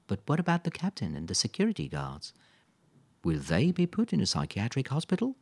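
A cheerful, reassuring storybook mother, as a male narrator puts her on, pitched well above his own low voice. She speaks briskly, with a husky grain, close to the mic. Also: huge pitch swings, a little mellow, no echo, exaggerated voice. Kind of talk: audiobook character voice.

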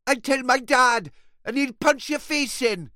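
A woman's voice: high-pitched, measured pace, bright, forceful tone, no room sound, clean studio sound. A woman voicing a whiny, cowardly young boy bully who sulks and complains. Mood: furious. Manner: whining and sulky.

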